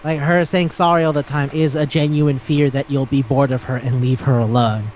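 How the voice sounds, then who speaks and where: A man's voice: mid-range voice, fairly even intonation, moderate pace, darkish tone, slight background noise. Rambling man on a muffled podcast. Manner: rambling, repeats words, swears casually. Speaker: podcast host. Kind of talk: casual chat.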